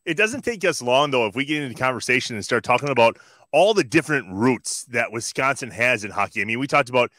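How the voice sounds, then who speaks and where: A man's voice: mid-range voice, animated, fast talker, pushed and bright, no room sound. A man hosting a show, asking conversational, leading questions of his guests. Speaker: host. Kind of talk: interview questions.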